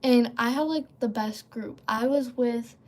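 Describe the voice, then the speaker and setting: A young-sounding woman with a slightly raised pitch talks casually to her livestream audience. She wanders off topic, fills pauses with ums and likes, and keeps pausing to respond to viewers' messages. It sounds like a device mic in a casual setup. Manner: rambling, filler-heavy, often breaks off to read and answer chat. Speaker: livestream host.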